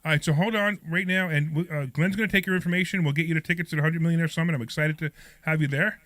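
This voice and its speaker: Fast, bright-voiced joking radio host. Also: male voice, fairly high pitch, steady tone, dry recording. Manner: quick, joking, talks over callers. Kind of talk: live call-in radio chat.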